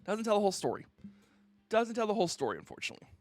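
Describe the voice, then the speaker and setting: A man's voice: high-pitched, sing-song, rapid-fire, no room sound, soft background music. A man streamer ranting on a casual livestream, mock-indignant and theatrical, who keeps asking "okay?".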